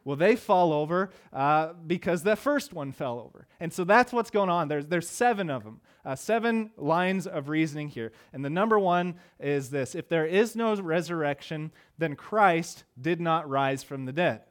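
A man's voice: on the high side, normal speed, hardly any pauses. A middle-aged man preaching a sermon in a conversational way, often repeating words as he starts phrases. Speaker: pastor.

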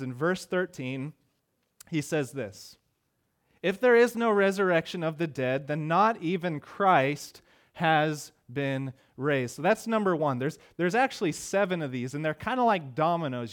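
A middle-aged pastor preaches in a loose, conversational manner. His voice sits a bit high, and he often stumbles and repeats words as he starts a phrase. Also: a bit bright. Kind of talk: sermon.

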